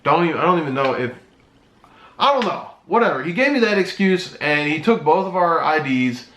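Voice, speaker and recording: A man's voice: on the high side, expressive, brisk, fairly bright tone. A man in his twenties telling a casual, rambling story time with plenty of swearing, recorded in an echoey room. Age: 20s. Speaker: YouTuber and streamer.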